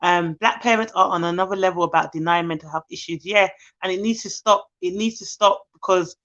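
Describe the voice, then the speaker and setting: Woman, bright forceful voice, candid heartfelt live chat, dull lo-fi audio. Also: fairly low pitch, a little fast. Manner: candid, heartfelt, reads out comments. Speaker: livestream host. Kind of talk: casual live chat to viewers.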